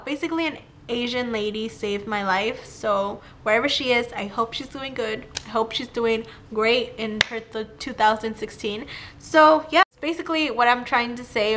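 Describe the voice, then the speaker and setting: A young woman telling a personal story to camera in a chatty, animated way, with "like" all through her talk. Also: on the high side. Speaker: vlogger. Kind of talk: casual storytime.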